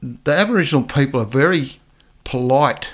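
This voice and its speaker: A man's voice: medium pitch, animated, a bit bright. An older man with an Australian accent, a retired police officer telling stories in a casual interview, often repeating words as he goes. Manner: halting, repeats words as he talks.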